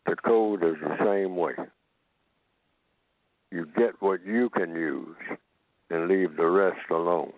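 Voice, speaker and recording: A man with a very deep voice explains himself at a measured pace and circles back to repeat his points. He is heard over a tinny, phone-like line. The sound is dry and close, with no room around it. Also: no room sound. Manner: slow, measured, repeats phrases for emphasis. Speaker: radio program guest answering callers. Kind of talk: call-in radio talk.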